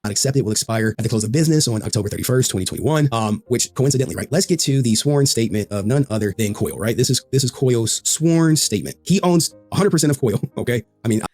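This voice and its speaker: A man's voice: mid-range voice, expressive, fast talker, few pauses, a little mellow, no echo. A man commentating in an online video, reading documents aloud and asking rhetorical questions.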